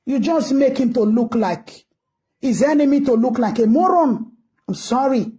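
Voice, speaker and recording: A woman's voice: high-pitched, lively intonation, normal speed, mellow. A Nigerian woman giving ranting commentary, scolding and asking rhetorical questions in a mix of English and Pidgin.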